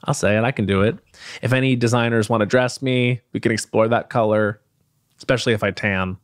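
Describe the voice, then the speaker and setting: A man's voice: fairly low pitch, fairly even intonation, fairly quick, dry recording, clean studio sound. A man hosting a podcast, reading a scripted introduction in a playful, gossipy way with jokey asides. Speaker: podcast host.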